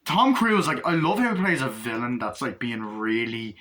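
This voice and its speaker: A man giving a casual movie review, animated, acting out scenes with heavy swearing. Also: medium pitch, moderate pace.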